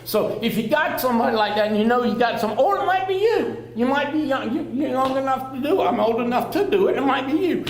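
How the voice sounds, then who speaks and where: Man, 60s, high voice, earnest storyteller with frequent laughs, echoey meeting room. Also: fast talker, few pauses, crowd noise. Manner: laughs often, repeats words, plainspoken and earnest. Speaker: panel speaker in recovery. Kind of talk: personal storytelling to a live audience. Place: public library meeting room. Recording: echoey room with faint hum.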